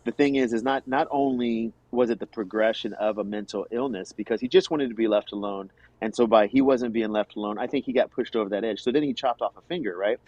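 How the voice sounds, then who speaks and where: A man's voice: fairly low pitch, fast, few pauses, a little mellow, dry recording, muffled recording. A man guesting on a podcast, earnestly explaining a film with repeated words and restarts. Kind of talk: casual film discussion.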